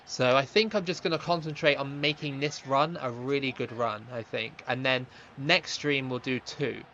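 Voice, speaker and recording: A young man streaming a football game, chatting with viewers and reacting loudly to the play, on a slightly dull lo-fi mic. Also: medium pitch, moderate pace, a little hiss or hum. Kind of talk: live gaming stream commentary.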